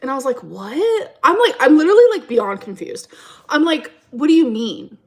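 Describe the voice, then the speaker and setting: Woman, livestream story time, chatty, rambling, a bit high-pitched, at home. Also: big pitch swings, normal speed. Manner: chatty, rambling, reads chat aloud. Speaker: streamer.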